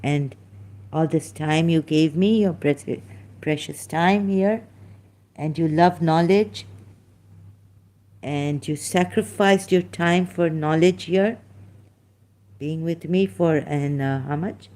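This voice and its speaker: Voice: medium pitch, takes it slowly, long pauses, a little mellow. A livestream host effusively thanking a viewer, repeating the thanks, laughing often and slipping into Hindi phrases.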